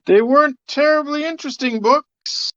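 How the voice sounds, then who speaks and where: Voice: high voice, fairly bright tone, dry recording, muffled recording, voice pushed up. A game master voicing a grumpy library ghost that moans and grumbles at intruders. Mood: grumbling. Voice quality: wailing drawn-out "ooh" sounds. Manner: petulant, grumbling.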